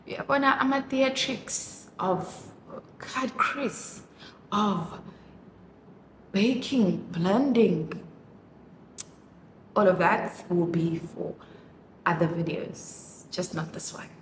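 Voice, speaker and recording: A woman's voice: medium pitch, slow, pauses often. A woman vlogging casually while doing her makeup, gushing and emotional, with lots of fillers. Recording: roomy echo with clear background noise.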